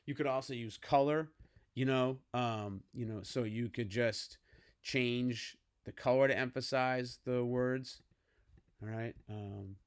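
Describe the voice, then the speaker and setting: A man's voice: mid-range voice, fairly even intonation, slow pace, smooth. A man teaching a typography class activity, talking casually and checking in with "okay?" as he works through an example on screen. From United States. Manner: casual, coaxing, frequent "okay?" check-ins. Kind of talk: screen-recorded classroom tutorial.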